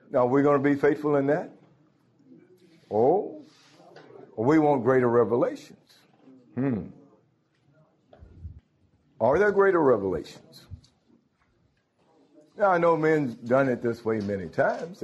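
A man's voice: mid-range voice, darkish tone, husky, highs cut off. A man preaching a sermon, calling out to his congregation. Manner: folksy, calls out to the congregation.

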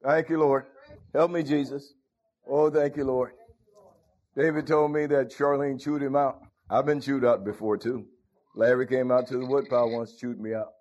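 Older man, pastor, folksy sermon with "huh?" asides, mid-pitched, dull lo-fi sound. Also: level tone, moderate pace, darkish tone. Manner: call-and-response, frequent "huh?" and "thank you, Lord". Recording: dull lo-fi recording.

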